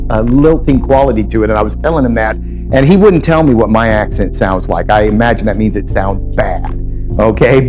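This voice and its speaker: A male pastor with an Ohio accent, reflecting on a sermon in an easygoing, conversational way, often restarting and repeating words. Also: lowish voice.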